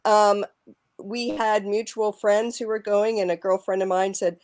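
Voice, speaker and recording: A woman on a live stream as the guest's wife, telling a story in a relaxed, lively way. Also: mid-range voice, measured pace. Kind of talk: casual storytelling on a video call.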